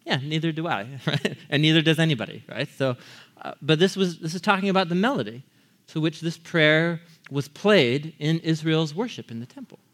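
A man's voice: fairly high pitch, fairly bright tone. A man preaching a sermon in a conversational way, often asking his audience questions. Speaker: pastor.

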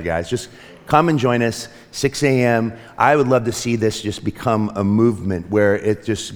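A man's voice: lowish voice, big-room sound. A man preaching a sermon as pastor to his church, earnest and reflective, with frequent restarts and light joking. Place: church sanctuary.

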